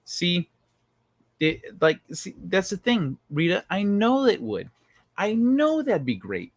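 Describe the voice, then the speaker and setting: A livestream host with a high, sing-song voice talks a little slowly on a dry recording. He chats loosely with viewers, reads their comments, swears freely and jokes with chat.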